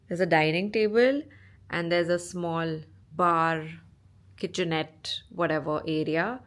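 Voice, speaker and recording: A woman's voice: low voice, slow pace. A young woman from India vlogging casually from a hotel room, chatty and gushing, talking through a cold and sore throat. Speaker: travel vlogger. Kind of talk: casual travel vlog.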